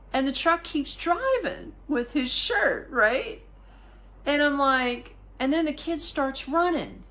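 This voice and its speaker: A woman hosting a podcast, telling a travel story in a casual, animated, colloquial way with frequent asides to the listener. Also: on the high side. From United States. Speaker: podcast host.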